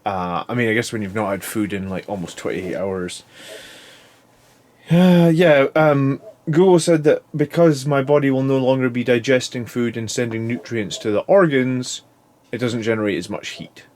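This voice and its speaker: A man in his thirties recording a casual video diary while worn out and foggy from fasting, rambling and often restarting his sentences. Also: mid-range voice, darkish tone, a little hiss or hum. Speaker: YouTube channel host.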